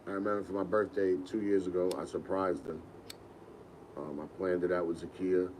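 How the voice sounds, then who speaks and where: Lively young man telling stories. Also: sits low, fairly quick, slight background noise. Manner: animated, laughing, slangy storyteller. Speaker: podcast host. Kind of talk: casual storytelling.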